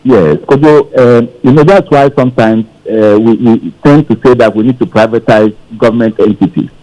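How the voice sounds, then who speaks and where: A man's voice: medium pitch, moderate pace, warm tone, low-quality recording. A man calling a radio show and arguing his opinion emphatically. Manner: argumentative, emphatic. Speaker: caller. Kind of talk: call-in opinion.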